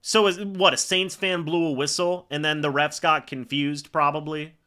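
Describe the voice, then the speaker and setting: A man's voice: fairly high pitch, little pitch movement, moderate pace, pushed and bright. A man on a live stream calling each play and ranting in angry exasperation at the referees. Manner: reads plays aloud like commentary. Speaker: sports reaction streamer.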